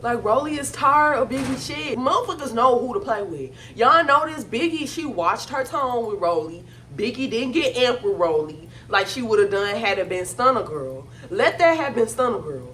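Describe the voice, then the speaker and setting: A woman with a slightly high voice gives a casual recap of a reality show. She talks bluntly and gossips freely in heavy slang, swearing often. Faint noise hums behind her. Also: very animated, moderate pace, few pauses, fairly bright tone.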